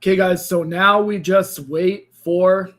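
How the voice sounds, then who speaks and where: Man, slightly high voice, livestream trading host, casual, second-guesses himself, voice going. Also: fairly even intonation, slow, fairly bright tone. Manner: thinks aloud, second-guesses himself mid-sentence. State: losing his voice. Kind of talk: casual live market commentary.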